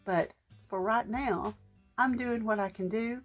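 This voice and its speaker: A middle-aged woman, talking earnestly to her vlog audience in a gentle, shaky, emotional voice. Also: on the high side, unhurried, faint music behind. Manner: gentle and earnest, with faith talk and small restarts. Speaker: vlogger. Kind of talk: heartfelt personal vlog talk.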